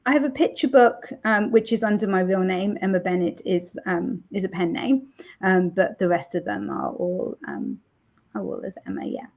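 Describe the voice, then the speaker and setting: A woman author chatting in an interview, laughing often and filling pauses with ums. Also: medium pitch. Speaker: romance author, interview guest. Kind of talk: casual interview chat. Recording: dull lo-fi sound.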